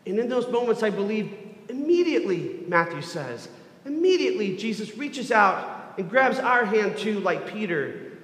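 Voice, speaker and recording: A man's voice: high voice, big pitch swings, normal speed, a bit bright. A man preaching a sermon as a pastor, earnest and building to emphatic repetition. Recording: echoey hall.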